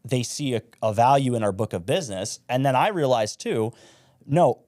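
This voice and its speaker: A man's voice: medium pitch, animated, moderate pace, a little mellow, no echo, clean studio sound. A young man, a podcast guest telling stories in casual talk, with plenty of swearing and filler words. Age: young adult. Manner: swears freely, storytelling, says like and bro.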